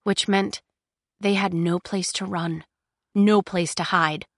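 A woman's voice: medium pitch, no echo. Woman narrating an audiobook, dry close sound. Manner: measured, expressive storytelling. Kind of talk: scripted narration.

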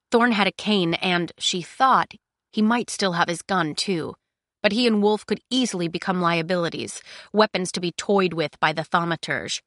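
A woman's voice: on the low side, dry recording. Woman narrating an audiobook, dry close sound. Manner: measured, expressive storytelling. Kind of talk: scripted narration.

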